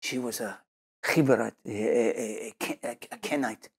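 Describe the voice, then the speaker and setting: A man with a medium-pitched, gravelly voice and a breathy edge speaks unhurriedly as a Messianic Jewish preacher. He gives an earnest sermon and ends in prayer, often repeating words as he searches for his thought.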